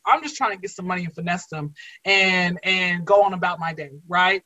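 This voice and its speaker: Bright, animated woman telling stories. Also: mid-range voice, quick pace, lo-fi sound, soft background music. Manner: animated storytelling, blunt and joking. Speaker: comedian guest. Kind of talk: casual podcast chat.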